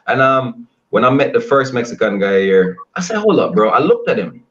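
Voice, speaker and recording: A man's voice: medium pitch, very animated, moderate pace, a bit bright, highs cut off, slight background noise. A Jamaican man who is a guest musician on a casual radio interview, talking in an emphatic, repetitive, preaching cadence. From Spanish Town, Jamaica.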